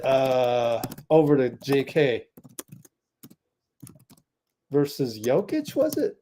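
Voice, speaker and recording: Hosting a fan watch party, a young Bay Area man delivers chatty live play-by-play that jumps with excitement whenever a big play happens. His pitch sits in the middle, and he talks slowly.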